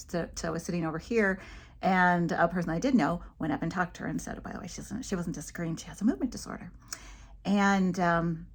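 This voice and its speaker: A middle-aged woman vlogging casually about living with cervical dystonia, telling stories and acting out the voices of the people in them. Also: fairly low pitch. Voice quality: head tremor from dystonia. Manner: chatty storytelling, acts out quoted voices. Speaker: vlogger with a movement disorder. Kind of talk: casual personal vlog.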